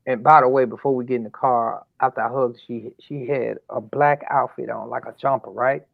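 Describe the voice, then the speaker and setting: A man's voice: medium pitch, moderate pace, gravelly, no echo, narrow, tinny audio. A man telling a personal story as a father, acting out the conversations and rising sharply in disbelief. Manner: animated retelling that acts out dialogue, voice rising sharply in disbelief. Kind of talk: emotional storytelling interview.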